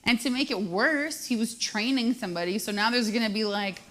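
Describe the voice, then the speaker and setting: A woman in her thirties hosting a live show, telling brash, self-deprecating comic stories at a quick clip. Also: a little high, a bit bright. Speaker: host. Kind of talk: live comedic storytelling.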